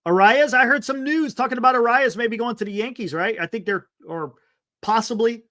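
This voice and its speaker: A man's voice: very high-pitched, fairly quick, pushed and bright. A man hosting a live sports stream, chatting loosely, reading viewer comments and laughing often.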